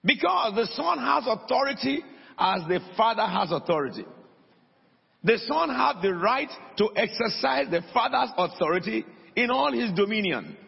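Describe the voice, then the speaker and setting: A man's voice: sits high, sing-song, moderate pace, vocal fry, breathy edge. A man preaching a sermon in a church hall, emphatic and calling out to his congregation. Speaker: pastor. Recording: dull lo-fi recording in a long-reverb hall.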